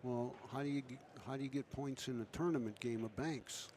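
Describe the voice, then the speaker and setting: A man's voice: medium pitch, fairly even intonation, fairly quick, a little mellow, slight background noise. This is a male pool commentator chatting casually between shots. He asks his partner questions, often stops and restarts his sentences, and keeps the tone easy, with a faint venue murmur underneath.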